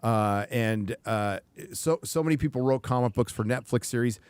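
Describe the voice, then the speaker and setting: A man's voice: mid-range voice, normal speed, darkish tone, smooth, dry recording. A man hosting a casual livestream talk show, emphatic and profane, with rambling asides. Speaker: show host.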